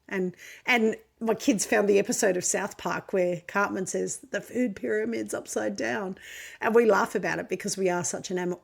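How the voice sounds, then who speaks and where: A woman's voice: fairly low pitch, vocal fry. A woman with an Australian accent hosting a podcast, talking in a chatty, frank and opinionated way with plenty of fillers and self-corrections. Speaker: podcast host and homesteader. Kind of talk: casual unscripted monologue.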